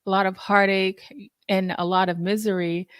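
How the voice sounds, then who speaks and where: A woman's voice: mid-range voice, little pitch movement, moderate pace, clear, resonant tone, no echo, clean studio sound. Thoughtful woman therapist hosting a podcast. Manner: thoughtful, reflective, with fillers. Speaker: therapist host. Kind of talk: podcast conversation.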